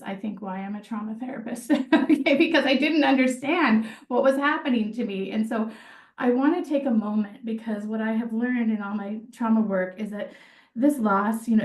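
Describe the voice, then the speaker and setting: A woman trauma therapist speaking on a video call, gently guiding a slow breathing meditation with pauses. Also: medium pitch. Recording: echoey room, far from the mic.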